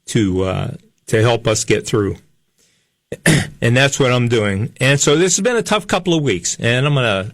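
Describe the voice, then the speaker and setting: A man in his fifties hosting a health talk show, speaking earnestly and haltingly with frequent pauses. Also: on the low side, a bit bright, no room sound, studio quality. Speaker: health show host, chiropractor. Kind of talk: radio health talk monologue.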